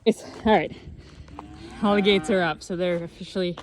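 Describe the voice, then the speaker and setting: A woman's voice: on the low side, fairly even intonation, normal speed, slight background noise. A young woman with an Upper Midwest American accent, narrating casually while she works with livestock outdoors, chatting playfully to the animals and a little out of breath. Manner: chatty, talks to the animals in a playful sing-song. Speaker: farmer vlogger. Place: outdoors on a farm among cattle.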